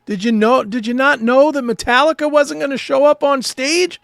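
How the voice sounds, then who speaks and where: A man in his fifties with a strikingly high, gravelly voice rants sarcastically through a casual podcast chat and swears freely. The sound is dry and close. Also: steady tone, moderate pace, few pauses, fairly bright tone, no echo. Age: 50s. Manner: sarcastic, ranting, swears often. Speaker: podcast co-host. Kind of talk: casual profane podcast banter.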